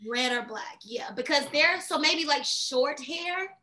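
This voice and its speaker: A woman chatting casually about astrology in an animated, filler-heavy way. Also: high voice, measured pace. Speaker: astrology guest. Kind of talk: casual chat.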